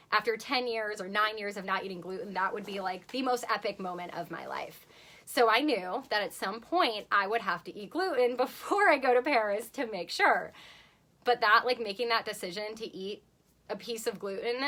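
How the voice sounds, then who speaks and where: Young female vlogger, mid pitch, bright tone, chatty storyteller. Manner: chatty, lots of "like", swears casually. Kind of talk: casual storytelling to camera.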